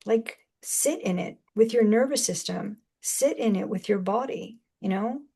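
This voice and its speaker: A woman's voice: medium pitch, a little slow, gravelly, slightly rough. A woman giving spiritual guidance in a casual, rambling way, often acting out quoted inner voices. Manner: rambling, animated, acts out quoted voices with laughs. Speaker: spiritual channeler guest.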